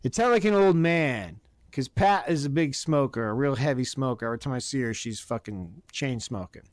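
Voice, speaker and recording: A man telling a long profane story about his neighbor in casual podcast chat, animated and blunt. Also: mid-range voice, moderate pace, dry recording. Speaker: podcast host. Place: Oregon.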